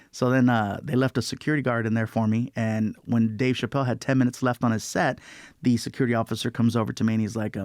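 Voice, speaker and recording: A man's voice: mid-range voice, fast, no echo, clean studio sound. A man, a comedian guest, telling a story in casual chat and acting out the other people's lines in put-on voices. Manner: animated, acts out quotes in put-on voices.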